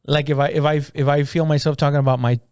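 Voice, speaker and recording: A man, a stand-up comic, chatting crudely on a podcast, laughing often and telling animated stories. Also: on the high side, fast, clean tone, no room sound, clean studio sound. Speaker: podcast co-host. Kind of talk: casual comedian chat.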